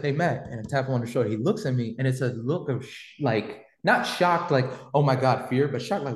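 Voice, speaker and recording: A man's voice: mid-range voice, brisk, few pauses. Slangy man telling stories in a roomy space. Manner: slangy, rambling storyteller with many fillers. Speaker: podcast host. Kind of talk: casual storytelling chat.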